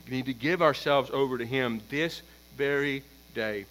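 A man preaching an expository sermon as pastor, emphatic, building force on repeated points and then dropping low. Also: moderate pace, fairly bright tone, low-quality recording.

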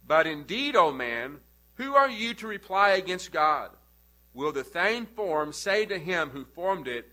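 Male preacher, high-pitched, bright tone, expository sermon, emphatic questions. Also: poor audio.

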